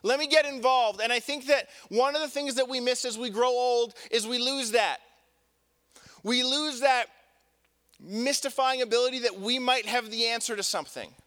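A man's voice: extremely high pitch, steady tone, normal speed, pushed and bright. A man in his thirties, a pastor preaching a sermon, telling family stories in a loose, self-deprecating way with lots of fillers. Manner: conversational storytelling with many fillers. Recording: long hall reverb.

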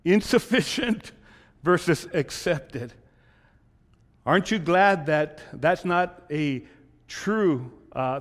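A male pastor preaching a sermon and telling a joke in an animated storytelling manner. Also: on the high side, big-room sound. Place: church.

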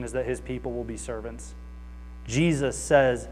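A man preaching a sermon as pastor, earnest and lively, reading scripture aloud and acting out the voices he quotes. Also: mid-range voice, normal speed, faint music behind. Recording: long reverb of a large hall.

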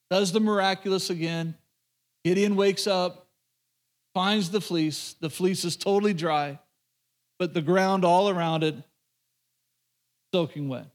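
In the middle of a sermon, a male pastor with a fairly high voice for a man tells a story in an animated, conversational way, speaking directly to the people listening.

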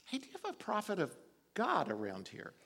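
A man's voice: sits high, wildly swooping pitch, brisk, creaky, a bit bright, voice pushed up, heavily acted. A preacher voicing a sensible, cautious ancient king who asks earnest questions, in a sermon retelling.

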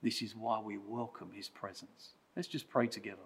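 A man's voice: on the low side, fairly even intonation, moderate pace, husky. A man preaching a sermon and leading prayer, earnest and rhythmic, building his points through repetition. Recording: long reverb of a church hall.

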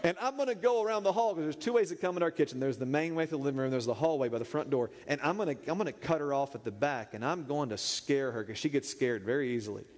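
A man preaching, telling a funny story in an animated, playful way. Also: a little high, fast, few pauses, slight background noise. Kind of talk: humorous sermon storytelling. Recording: echoey hall reverb.

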